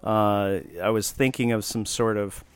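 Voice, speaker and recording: A man hosting a talk show, chatting in a halting way with many fillers and restarts. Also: on the low side, level tone, clear, resonant tone, no echo. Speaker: podcast host. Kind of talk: casual chat.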